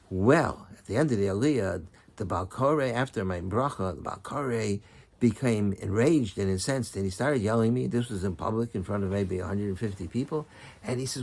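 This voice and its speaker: A man's voice: lowish voice, a little fast, gravelly, a little mellow. A middle-aged man, a rabbi, telling a story in a sermon, often restarting and repeating words.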